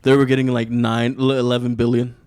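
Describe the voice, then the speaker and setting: Rambling man explaining, halting. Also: mid-range voice, monotone, a little mellow, clear, resonant tone. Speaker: podcast guest. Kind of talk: casual chat.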